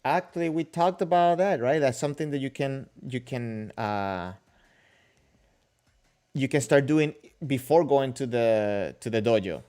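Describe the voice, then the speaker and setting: A man's voice: medium pitch, expressive, a little slow, mellow. Rambling man hosting a livestream. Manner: rambling, with frequent restarts and a joking tone. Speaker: kendo livestream host. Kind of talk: casual livestream chat answering viewer comments.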